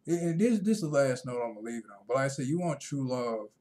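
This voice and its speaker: A man ranting in a casual vlog monologue, rambling and repeating himself, growing loud and animated when he retells conversations. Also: mid-range voice, fast. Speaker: vlogger.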